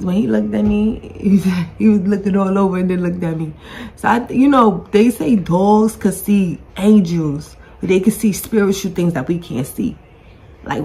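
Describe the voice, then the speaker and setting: A woman's voice: mid-range voice, vocal fry, mellow. A woman hosting her own podcast, speaking to camera in a blunt, emotional monologue, grieving and close to tears, swearing and repeating herself. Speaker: podcast host. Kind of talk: emotional personal vlog monologue. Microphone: talking to her own camera.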